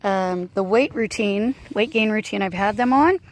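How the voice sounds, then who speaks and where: A woman's voice: medium pitch, lively intonation, moderate pace, a little hiss or hum. A woman running a horse sanctuary talks casually outdoors with her horse, rambling and laughing often. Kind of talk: casual vlog.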